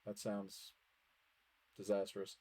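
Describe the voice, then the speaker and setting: A man's voice: fairly low pitch, monotone, slow, dark tone. Dry, teasing man chatting on a stream. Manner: wry, teasing, tells a bad joke with relish. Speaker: streamer playing a game. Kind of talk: casual banter on a live stream. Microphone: headset.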